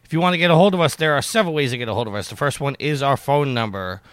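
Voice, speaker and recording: A man hosting a gaming podcast, reading housekeeping announcements in a brisk, upbeat way. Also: mid-range voice, a bit bright, no room sound. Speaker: podcast host. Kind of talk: casual podcast chat and show announcements.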